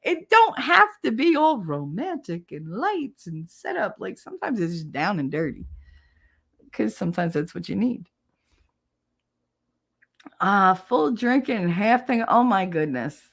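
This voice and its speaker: A woman's voice: medium pitch, very animated, unhurried, gravelly. A middle-aged woman with a New Jersey accent, chatting casually on a livestream, laughing often and swearing freely. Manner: loud, laughing, profane storytelling. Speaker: livestream host.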